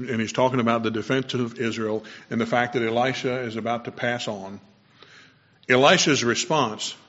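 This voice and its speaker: A man delivers a sermon in a relaxed, explanatory way, stepping aside now and then to share his own opinion and correct himself mid-sentence. His voice sits at an ordinary middle pitch. The recording sounds dull and lo-fi. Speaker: preacher. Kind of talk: conversational sermon.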